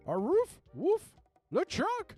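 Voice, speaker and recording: A man's voice: very high voice, wildly swooping pitch, slow, darkish tone, soft background music, voice pushed up, heavily acted. A man voicing a playful dog that barks, yips and growls between a few words. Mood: playful barking. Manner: yipping, growling dog noises mixed with names. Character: barking playful cartoon dog.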